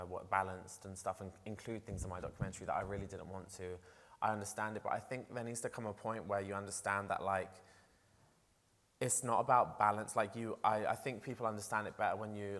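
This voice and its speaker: Trans presenter, panel discussion, low voice, casual filler-heavy speech, passionate, long hall reverb. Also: a bit bright. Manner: casual, run-on speech full of "like" and restarts; passionate and emotional. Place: festival panel on a stage in a large hall.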